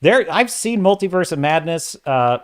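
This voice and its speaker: Here the sci-fi and fantasy commentary host speaks at a normal pace in a clean, higher voice full of big pitch swings. He's opinionated and fed up, firing off thoughts in bursts and restarting sentences on his casual livestream.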